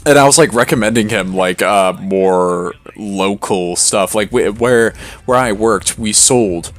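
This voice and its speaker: A man's voice: fairly low pitch, measured pace. A young man from Canada, chatting casually on a late-night gaming stream in a laid-back, slangy way and swearing freely.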